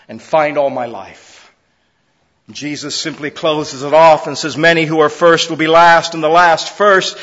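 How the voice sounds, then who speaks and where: A man preaching a sermon as pastor, moving from quiet pleading to loud, impassioned exclamations. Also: fairly high pitch, steady tone, a little slow, big-room sound.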